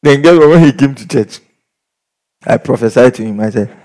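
A man's voice: mid-range voice, normal speed. A man preaching a sermon, telling stories and acting out the people in them. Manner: animated storytelling, acts out quoted people.

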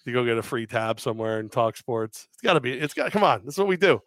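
A man's voice: mid-range voice, lively intonation, quick pace, a bit bright, dry recording. A man co-hosting a casual sports podcast, joking crudely and rambling through stories. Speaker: podcast co-host.

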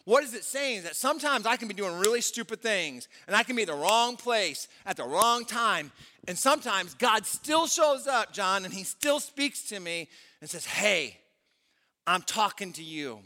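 A pastor preaches in a bright, forceful voice that sits high for a man. He speaks conversationally, throws questions to the congregation and acts out quoted prayers. His voice rings with long reverb in a church auditorium. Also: very animated, moderate pace. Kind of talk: sermon.

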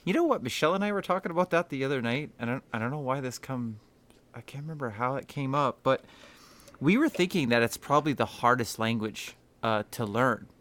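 A man's voice: mid-range voice, animated, fairly quick, a bit bright. Guy on a podcast, jokey and blunt, swears a lot. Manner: joking, blunt, swears casually. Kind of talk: casual podcast chat.

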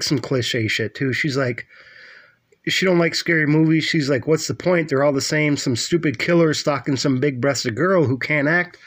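A man's voice: on the high side, fairly bright tone. A middle-aged man casually retelling a movie plot, rambling and swearing a lot, with plenty of fillers. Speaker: movie recapper.

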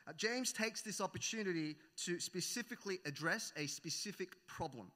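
A man's voice: high voice, expressive, normal speed, sharp tone. A man with an Australian accent, raised in New Zealand, preaching a sermon in a conversational way with many fillers and self-corrections. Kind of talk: sermon with opening prayer. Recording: echoey hall reverb.

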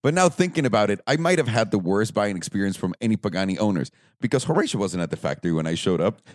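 Male podcast host, animated storyteller with a very lively pitch, dry studio sound. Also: fast talker, dry recording. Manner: animated storytelling, swears freely, acts out quoted voices. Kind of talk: casual podcast chat.

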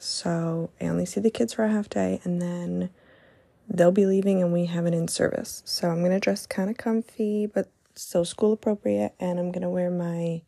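A woman's voice: on the low side, fairly even intonation, normal speed, creaky, warm tone, dry recording. A woman in her twenties, a teacher and podcast host, chatting casually and sleepily about her morning with a rambling manner. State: sleepy, yawning. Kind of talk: casual day-in-my-life narration.

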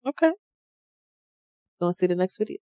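A soft-spoken woman co-hosting a podcast, calmly defending herself in an argument. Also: fairly low pitch, a little fast, smooth, dry recording. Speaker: podcast co-host. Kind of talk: casual argumentative chat.

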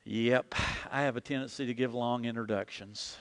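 A man's voice: mid-range voice, normal speed. A man preaching a sermon as pastor, leading the congregation in repeating a prayer. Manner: animated preaching, leads the congregation in call-and-repeat. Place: church sanctuary. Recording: long hall reverb.

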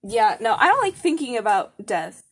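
Soft-spoken young woman, slightly high voice. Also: sing-song, moderate pace, breathy edge. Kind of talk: casual chat.

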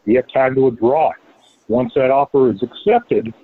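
A man's voice: mid-range voice, moderate pace, husky. Irritated man on a tinny phone line. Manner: irritated, ranting. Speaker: league member sending an audio message. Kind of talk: recorded complaint.

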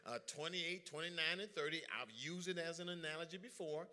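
A man preaching a lively sermon, joking with the congregation and calling for their responses. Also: fairly high pitch, fairly quick. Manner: lively, joking, drawls informal speech.

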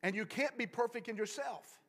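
A man preaching a sermon in church, repeating himself as he builds from soft talk to loud, fervent preaching and back down. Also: extremely high pitch, moderate pace. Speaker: pastor. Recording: long hall reverb.

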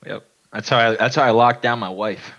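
A man with a low, bright, forceful voice in a casual group voice chat. He rambles along easily and laughs between his points. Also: a little fast, lo-fi sound.

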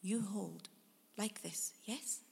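A woman voicing a young foreign fairground girl who speaks eager, halting broken English. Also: mid-range voice, creaky, darkish tone, long reverb tail. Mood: coaxing. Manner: coaxing, insistent.

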